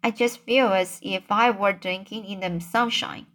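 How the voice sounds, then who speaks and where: A woman voicing an imaginative young girl, reading slowly and earnestly. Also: mid-range voice, steady tone, fairly bright tone, lightly acted.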